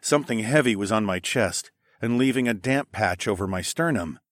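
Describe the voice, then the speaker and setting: A male audiobook narrator telling a first-person fantasy story with expressive delivery. His voice sits on the low side. The recording is dry and close. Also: moderate pace, dry recording.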